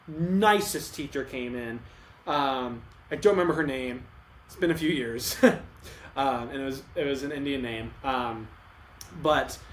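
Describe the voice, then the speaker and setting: A young man co-hosting a podcast, telling his story in casual talk with many restarts and emotional moments. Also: a little high. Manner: rambling, restarts often, emotional retelling. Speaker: podcast co-host. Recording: echoey room, faint ambient noise.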